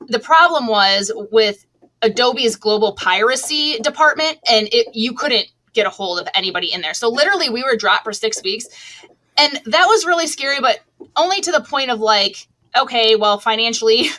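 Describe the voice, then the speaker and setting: Middle-aged woman, chatty, laughing, bright tense tone. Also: fairly high pitch, lively intonation, normal speed. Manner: chatty, laughing, many restarts. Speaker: guest, Amazon seller. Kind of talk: casual interview talk.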